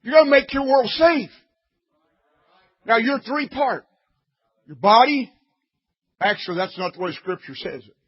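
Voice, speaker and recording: Male preacher, blunt and scolding, high husky voice, dull lo-fi recording. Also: animated, unhurried, pauses often. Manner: blunt, scolding, rising to shouts. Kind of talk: sermon.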